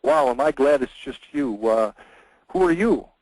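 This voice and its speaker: A man's voice: mid-range voice, expressive, unhurried, a little mellow, no room sound, rough recording. A man playing a startled, puzzled burglar who questions what he finds, within a joke told in a lecture. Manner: bewildered, questioning.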